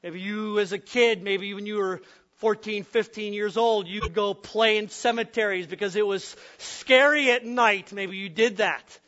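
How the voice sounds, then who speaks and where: Bright high-voiced man preaching a sermon. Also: fairly even intonation, measured pace, muffled recording. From upper Midwest of the US. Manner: asks the congregation questions, acts out voices of frightened men. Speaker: pastor.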